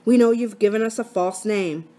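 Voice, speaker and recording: A woman's voice: mid-range voice, normal speed, dark tone, lightly acted. A woman voicing an earnest, anxious schoolboy in a storybook reading. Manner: earnest, pleading.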